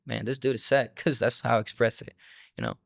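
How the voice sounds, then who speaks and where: Young French-born musician, casual and rambling. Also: male voice, medium pitch, expressive, fairly quick, creaky, no room sound, studio quality. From France. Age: 20s. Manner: loose, rambling storytelling with many "like" fillers. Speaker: musician guest. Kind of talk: casual interview chat.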